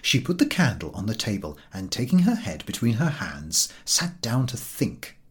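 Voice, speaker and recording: A man narrating a classic novel as an audiobook, with dramatic, expressive storytelling. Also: lowish voice, moderate pace.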